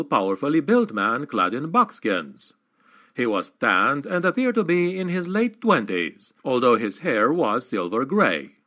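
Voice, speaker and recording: A man narrating a fantasy audiobook in an expressive, dramatic reading. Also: mid-range voice.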